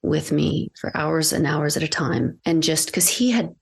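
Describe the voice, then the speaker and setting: A woman guest on a podcast, an acting coach, telling a personal story in an earnest, halting way with restarts. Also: low-pitched, fairly even intonation, creaky, husky. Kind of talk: candid personal storytelling in conversation.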